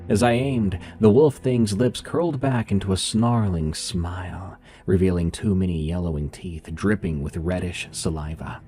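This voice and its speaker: A man reading a first-person horror story aloud in a measured, steady narration. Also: low-pitched.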